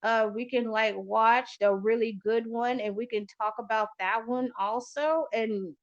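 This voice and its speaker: A woman's voice: a little high, steady tone, a little slow. Profane rambling woman podcast host. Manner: loose, profane, rambling with many fillers. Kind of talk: casual chat. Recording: lo-fi muffled audio.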